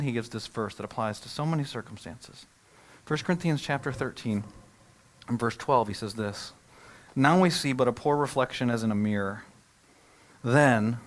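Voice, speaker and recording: A middle-aged male pastor with a fairly high voice preaches animatedly, acting out the disciples' reactions. He drops to a hush for solemn points.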